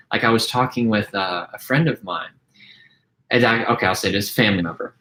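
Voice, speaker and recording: An anxiety recovery coach, a man with a medium-pitched voice, gives course members a loose, unscripted talk on calming anxiety. He speaks earnestly, restarting and repeating words while checking in with "okay?" The audio is poor, recorded at home with mowing audible outside.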